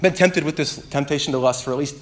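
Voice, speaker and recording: A man preaching a sermon as pastor, animated and conversational, with playful asides and calls for the congregation to respond. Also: fairly high pitch, quick pace.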